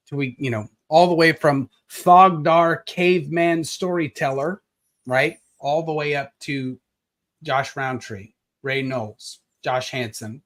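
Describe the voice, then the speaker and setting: A man who is an author, speaking earnestly and reflectively at a live launch event over a video call, with pauses and filler words. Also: a little high.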